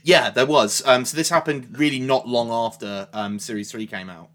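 Bright-voiced man, easygoing guest. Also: mid-range voice, moderate pace. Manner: easygoing, laughs often. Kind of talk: casual chat.

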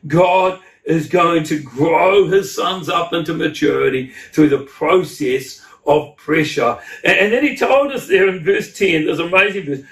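A male pastor preaching a sermon, fervent, with repeated words and loud climbs. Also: a little high. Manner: fervent, rising to loud exclamations. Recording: echoey hall, mic at a distance.

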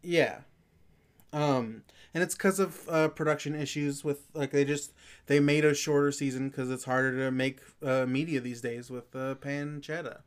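A man's voice: medium pitch, fairly even intonation, moderate pace, clear, resonant tone. A man co-hosting a podcast as its producer, chatting casually with a rambling, hesitant delivery. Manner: rambling, hesitant, many fillers and restarts.

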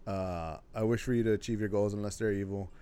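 A man's voice: on the low side, fairly even intonation, fast talker, mellow, clean tone. Blunt, profane man hosting a podcast. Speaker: podcast host. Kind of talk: casual chat.

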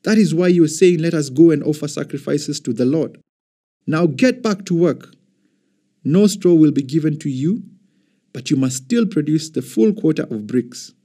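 Man voicing a stern Egyptian king, scolding, commanding, warm low tone. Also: animated, a little slow. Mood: shouting. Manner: sharp, scolding, shouting at times. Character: stubborn scornful male Egyptian king.

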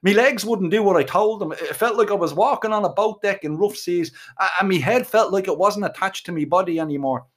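A man's voice: high-pitched, a little fast, hardly any pauses. A middle-aged Irish man telling a crude, comic story with colourful swearing.

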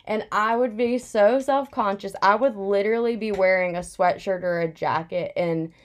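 A woman's voice: medium pitch, normal speed. A young woman in casual chat, telling a personal story candidly with plenty of "like" fillers.

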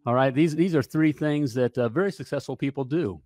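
A man's voice: medium pitch, fairly quick, darkish tone, no echo, clean studio sound. A man in his fifties hosting a live talk show, talking with pumped-up energy and constant "hey" and "all right" asides.

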